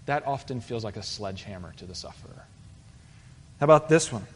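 A pastor giving a sermon in a church sanctuary, speaking in an earnest, conversational way and asking the congregation questions. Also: male voice, on the low side, expressive, fairly quick, husky. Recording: live hall reverb, faint room noise.

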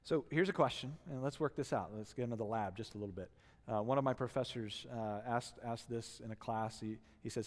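A man's voice: mid-range voice, fast talker. A man preaching a sermon as a pastor, telling personal stories and acting out the people in them. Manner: animated storytelling, acting out quotes, self-deprecating. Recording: long hall reverb.

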